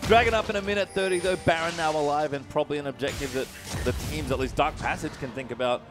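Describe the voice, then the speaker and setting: A man calling esports play-by-play, his delivery climbing into excited calls when fights break out. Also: fairly high pitch, fast, music in the background. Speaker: play-by-play caster.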